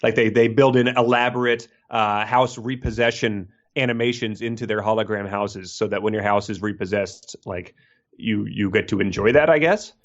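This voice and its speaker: A man's voice: lowish voice, steady tone, normal speed. Rambling, jokey man on a dull-sounding mic. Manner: rambling, jokey, laughs often. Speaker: podcast co-host. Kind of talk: casual book-discussion podcast.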